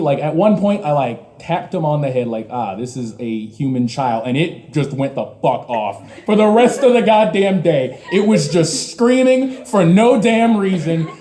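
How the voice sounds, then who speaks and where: A man's voice: on the high side, dark tone. A man in his twenties doing open mic stand-up, with crude, ranting, self-mocking jokes. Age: 20s. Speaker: stand-up comedian. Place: small comedy venue.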